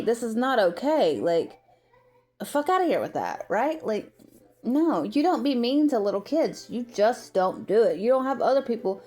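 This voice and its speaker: A woman's voice: on the high side, warm tone. Chatty, opinionated woman vlogger. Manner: chatty, rambling, opinionated, many fillers like "like". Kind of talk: casual commentary vlog.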